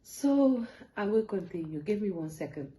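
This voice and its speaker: A young woman tells a painful personal story in a vlog, halting and tearful, with many fillers and restarts. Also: mid-range voice, lively intonation, dark tone, a little hiss or hum, poor audio. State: tearful at times. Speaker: vlogger. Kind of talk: emotional personal story time.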